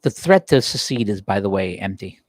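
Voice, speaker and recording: A man hosting a political livestream, delivering a heated, emphatic monologue that climbs in pitch as he gets worked up. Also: lively intonation, moderate pace, a little mellow, dry recording, clean studio sound. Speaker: political talk show host. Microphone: livestream desk microphone.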